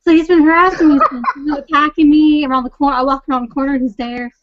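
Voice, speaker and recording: A woman's voice: high voice, fairly even intonation, fast, no room sound. A woman from Pakistan, a podcast guest, rambling through casual stories with many fillers. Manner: rambling, giggly, lots of fillers. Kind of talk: casual chat. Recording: dull lo-fi sound, dry room.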